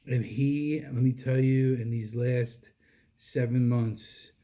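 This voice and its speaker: Speaking slowly in a steady, mellow, medium-pitched voice, a middle-aged vlogger muses about his faith. The tired, yawning monologue is earnest and devotional, loose and rambling, packed with fillers and restarts.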